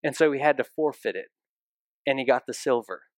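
A man's voice: medium pitch, a little fast, dry recording, clean studio sound. A man preaching a sermon as pastor, talking conversationally and putting direct questions to his listeners.

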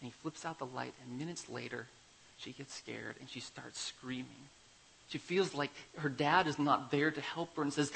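A male pastor preaching a sermon, emphatic, moving between loud declarations and quiet, confiding passages. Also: medium pitch, moderate pace, creaky, slightly rough, rough recording.

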